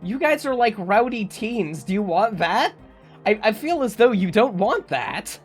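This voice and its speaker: A streamer chats casually from a home setup on a desk microphone. The voice sits mid-pitch but moves a lot, with playful ups and downs while joking. Faint game music plays underneath. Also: big pitch swings, unhurried, breathy edge. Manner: joking, laughs often, mock-tearful bits. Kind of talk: casual live-stream chat.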